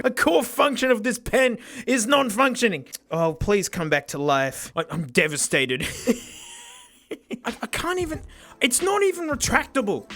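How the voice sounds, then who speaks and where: A man with a raspy, hoarse voice, unboxing a gadget in an excitable, mock-dramatic way. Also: very high-pitched, a little slow. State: hoarse from yelling. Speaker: tech reviewer host. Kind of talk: casual gadget unboxing review.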